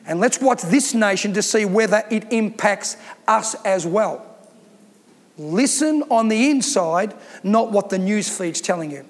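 A man's voice: high-pitched, animated, unhurried, in a large hall. A man preaching a sermon as pastor, emphatic and given to repeating his points. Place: church.

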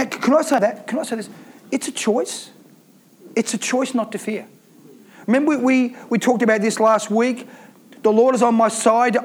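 A man preaching a sermon to his congregation, emphatic and calling for responses. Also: high-pitched. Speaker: pastor.

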